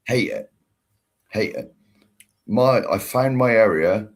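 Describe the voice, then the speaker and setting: A man's voice: fairly low pitch, slow. A man co-hosting a casual chat show, telling blunt stories and laughing at himself. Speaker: podcast co-host.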